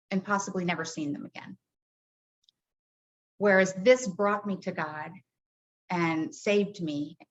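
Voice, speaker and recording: A middle-aged woman, a grief coach, talking in a soft, heartfelt way with many hesitations in a podcast interview. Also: mid-range voice. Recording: dull lo-fi audio.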